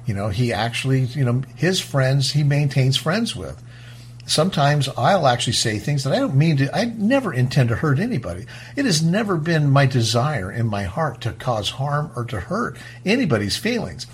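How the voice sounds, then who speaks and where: A man hosting a talk show, speaking in a fast-paced, emphatic way and often restarting his words. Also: mid-range voice, sing-song, slight background noise. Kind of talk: casual talk-show monologue.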